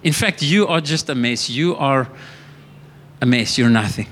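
A man voicing the devil as a scornful accuser in a sermon, dropping into a low, condemning tone. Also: unhurried, fairly bright tone, slight background noise, close to an everyday voice. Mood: accusing.

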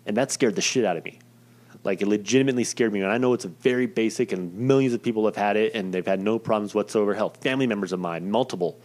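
A man's voice: fairly low pitch, a little mellow. A young man casually telling a personal story in a rambling, profane, self-deprecating way.

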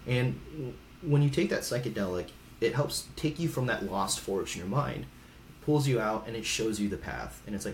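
A man's voice: fairly low pitch, lively intonation, normal speed, slight background noise. A man in his thirties from Hawaii, a veteran podcast guest, speaking in a casual, frank way and swearing now and then. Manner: casual and frank, swears, acts out quoted voices. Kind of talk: candid conversational storytelling. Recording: echoey room.

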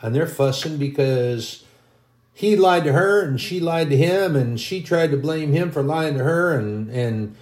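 A man's voice: fairly high pitch, expressive, measured pace, darkish tone, roomy sound. A man preaching a sermon, telling a long everyday story in a folksy, rambling way.

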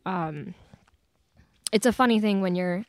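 A woman's voice: medium pitch, a little slow, no echo. A woman in her late teens, a podcast guest, chatting casually with lots of fillers and laughs. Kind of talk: casual chat. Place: church studio.

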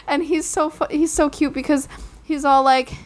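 A woman's voice: high voice, moderate pace. Chatty young woman telling a story. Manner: animated storytelling, lots of "like" fillers; speaks to listeners as "guys". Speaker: podcast co-host and recent bride. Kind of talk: casual chat.

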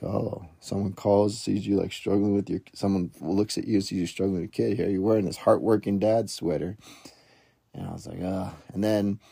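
A man's voice: low voice, vocal fry, warm tone, slightly rough, no echo, clean studio sound. A man in his thirties, a parenting coach, telling a rambling, self-deprecating story in a casual podcast, with many fillers and restarts.

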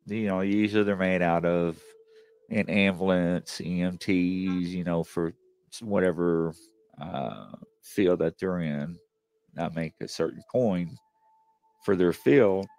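A man's voice: low voice, steady tone, slow pace, vocal fry, darkish tone. A man hosting a show and telling a long, chatty story, with many fillers along the way. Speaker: host. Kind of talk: casual storytelling.

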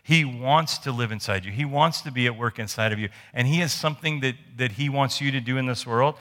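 Speaking a little fast in a medium-pitched, slightly bright voice, a pastor delivers his sermon in a church sanctuary with long hall reverb. He keeps it conversational and built around stories, restarting and adding asides along the way.

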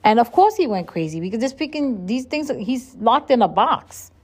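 A woman's voice: a little high, sing-song, moderate pace, darkish tone. A woman hosting a solo podcast, talking in a chatty, earnest way and often restarting and repeating her words. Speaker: podcast host. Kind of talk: casual solo podcast monologue.

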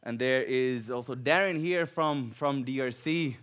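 A man's voice: medium pitch, unhurried, clear, resonant tone. A man from Finland with a Finnish accent, a guest preacher telling personal stories and laughing often. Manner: laughs often, animated and self-deprecating.

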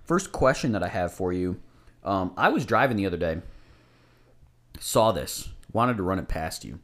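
A man's voice: sits low, very animated, normal speed, fairly bright tone. A man in casual podcast chat, easygoing and a bit hesitant.

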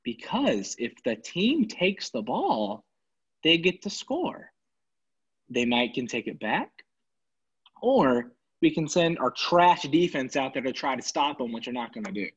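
A man ranting casually and sarcastically about his football team, exasperated and animated. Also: mid-range voice, measured pace, breathy edge. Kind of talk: casual sports rant. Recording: dull lo-fi recording.

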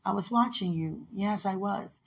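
A woman's voice: medium pitch, moderate pace, gravelly, breathy edge. A woman in casual, heartfelt one-sided talk, rambling and affectionate, often laughing, with religious phrasing.

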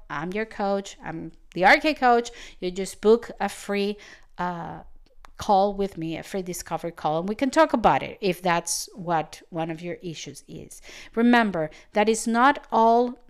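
A woman with a smooth, medium-pitched voice hosts a podcast as a business coach. Her advice comes through casual storytelling, loose and chatty, with fillers and restarts.

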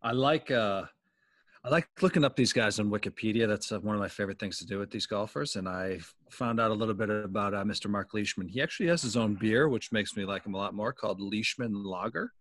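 A man jokes and banters in a relaxed podcast chat. His voice sits a little low. The sound is dry and close. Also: fast, no echo. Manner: joking, playful banter. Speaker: golf podcast co-host. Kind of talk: casual chat.

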